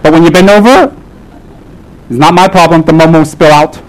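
Male lama, slightly high voice, animated and joking, punchy repeated lines in a live talk. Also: normal speed, poor audio. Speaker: Buddhist lama teaching his group. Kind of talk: live humorous dharma talk to an audience.

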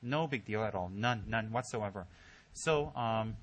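A man's voice: on the low side, unhurried. A man teaching at a Buddhist center, giving a humorous Dharma talk with teasing asides and mock voices.

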